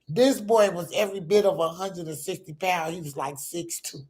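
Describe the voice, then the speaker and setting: A woman's voice: lowish voice, moderate pace, darkish tone, breathy edge. A middle-aged woman telling a personal story to her viewers in an emphatic, profane, casual way, often calling out to them directly.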